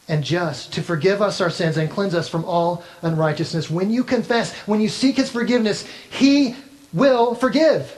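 A male pastor delivering a sermon with a notably high-pitched voice. He speaks earnestly and directly, often turning to address the congregation. The delivery is plain and sincere. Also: moderate pace, low-quality recording.

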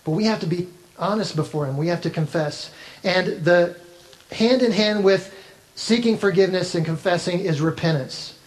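A male pastor delivering a sermon with a notably high-pitched voice. He speaks earnestly and directly, often turning to address the congregation. The delivery is plain and sincere. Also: normal speed, rough recording.

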